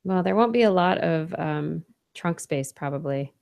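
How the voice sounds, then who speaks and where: Gravelly woman podcast host, playfully indignant. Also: sits low, lively intonation, normal speed, darkish tone. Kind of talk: casual pre-show banter.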